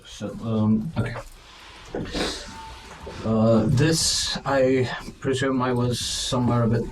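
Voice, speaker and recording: A man's voice: mid-range voice, steady tone, slow, noisy background. A man playing in a tabletop game, talking casually and hesitantly, with fillers and trailing-off phrases. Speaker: player.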